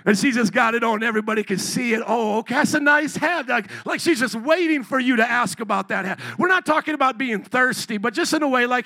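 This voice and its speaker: A man preaching a sermon in a relaxed, conversational way, acting out the people he quotes and building up to shouts. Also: extremely high pitch, fast talker, creaky, few pauses, no room sound. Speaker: pastor. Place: church service.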